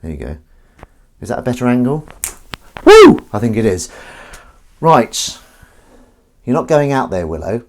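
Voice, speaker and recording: Speaking at a normal speed in a mid-range, sing-song voice with frequent pauses, a man washes dishes in his home kitchen during a casual live stream. He rambles self-deprecatingly into a desk microphone and sometimes coos at his cat.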